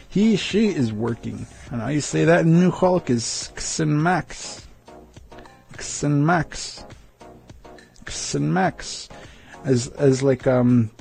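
A man hosting a radio segment, slowly teaching words of the day and repeating each one with care. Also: medium pitch, gravelly, dark tone. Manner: slow, repeats words carefully, chuckles at himself. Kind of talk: casual language lesson on radio.

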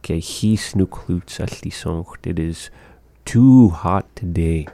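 A man teaching a language lesson, repeating each phrase slowly and carefully for learners. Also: low-pitched, dark tone, no echo.

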